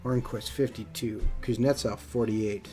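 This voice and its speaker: Faint music plays behind a man whose medium-pitched voice moves at a measured pace. Streaming a hockey management game, he casually walks through his moves, muttering over results in a relaxed commentary on the menus.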